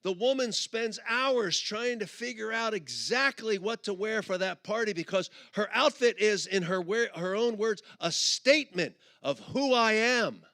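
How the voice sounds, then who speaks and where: A middle-aged man giving a humorous sermon at a conference, telling stories and acting out both sides of a couple in quick put-on voices. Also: high-pitched, animated, bright, forceful tone, no room sound, clean studio sound. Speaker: conference speaker. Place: conference auditorium.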